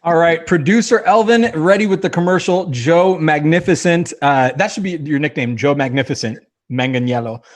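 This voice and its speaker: A man's voice: fairly high pitch, normal speed, few pauses. A man co-hosting a casual chat, playful and teasing.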